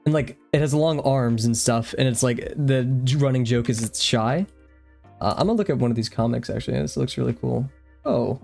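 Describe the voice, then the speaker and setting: A man's voice: mid-range voice, a little fast, vocal fry, darkish tone, soft background music. Breathless, rambling young man streaming. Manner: rambling, easily distracted. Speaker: drawing live-streamer. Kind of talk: casual live-stream chat.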